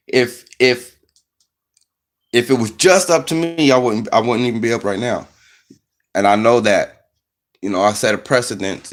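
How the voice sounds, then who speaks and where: A man hosting his own channel, talking in a relaxed, rambling way with fillers and restarts. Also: lowish voice. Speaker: channel host. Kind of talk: casual vlog talk.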